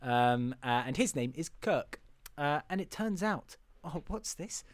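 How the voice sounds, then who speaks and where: A podcast host chats casually about a film, rambling and joking with lots of fillers, swearing and laughing along the way. He has an expressive, medium-pitched voice and an unhurried pace, with no echo.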